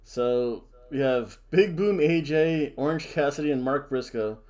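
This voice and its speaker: A man's voice: mid-range voice, measured pace, a little mellow. A man hosting a casual wrestling predictions chat, jokey and theatrical, hamming up wrestler introductions. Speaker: wrestling show host.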